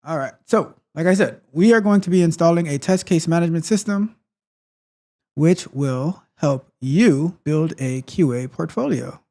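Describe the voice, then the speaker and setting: A male host chatting casually on a live tech stream. His voice sits a little high, and he is friendly as he greets viewers in the chat. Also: moderate pace, dark tone.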